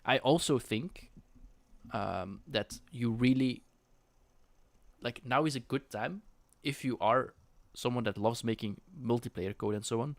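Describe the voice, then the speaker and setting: A man's voice: medium pitch, a little slow, dry recording. A man co-hosting a casual game development podcast chat, talking loosely with frequent restarts. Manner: chatty, with frequent restarts and laughs. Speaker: co-host.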